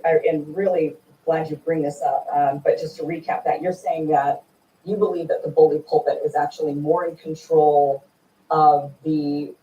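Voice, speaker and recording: A woman hosting a political interview, animated and indignant, firing rhetorical questions. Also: low voice, moderate pace, lo-fi sound. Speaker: host. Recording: echoey room from far off.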